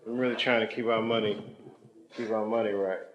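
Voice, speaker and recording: A man's voice: fairly low pitch, little pitch movement, fairly quick, lo-fi sound. A man chatting casually with fans after a show, joking and laughing as he banters. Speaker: comedian. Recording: echoey room with background noise.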